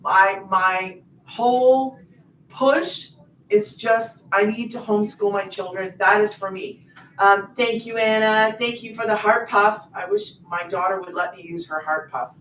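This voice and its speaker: Woman, middle-aged, chatty livestream host, emphatic, rambling, mid-pitched, echoey room. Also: unhurried, a bit bright, far from the mic, a little hiss or hum. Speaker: online business host. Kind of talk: casual livestream chat. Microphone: phone. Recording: roomy sound, off-mic.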